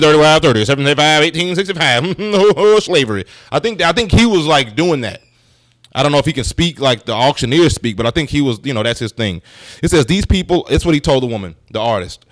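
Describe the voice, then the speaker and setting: A man's voice: medium pitch, no echo, studio quality. A man hosting his own commentary channel, talking casually in a joking, profane, rambling way full of asides.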